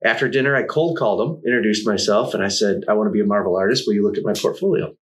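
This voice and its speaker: A man's voice: on the low side, very fast, low-quality recording. A middle-aged man, a guest artist, telling long anecdotes in a casual interview, swearing and laughing often.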